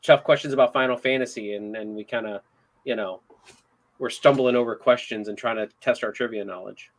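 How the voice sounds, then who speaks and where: A man co-hosting a casual online show, talking in halting bursts full of fillers and restarts. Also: mid-range voice. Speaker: co-host.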